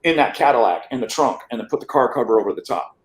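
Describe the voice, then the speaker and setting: A man's voice: mid-range voice, quick pace, echoey room, rough recording. A man being interviewed, telling a long personal story in a casual way, acting out what people said and restarting phrases now and then. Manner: animated, acts out quotes, some stammered restarts. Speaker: interview guest.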